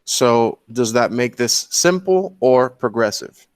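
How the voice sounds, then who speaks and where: A man's voice: mid-range voice, lively intonation, slow. A man teaching an online English class, explaining step by step in a patient way and often checking in with "okay?". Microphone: computer mic on a video call.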